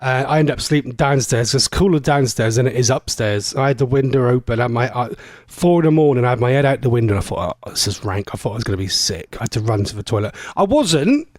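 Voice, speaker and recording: A man's voice: medium pitch, animated, fast, no echo. A man, a radio presenter telling long rambling stories in casual chat, full of fillers and self-corrections.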